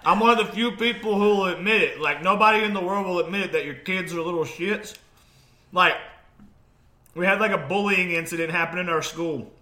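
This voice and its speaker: A man in his thirties trades blunt wisecracks as a podcast co-host, his voice pitched high and sharp. The recording carries a roomy echo around him. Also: a little fast. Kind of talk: casual chat.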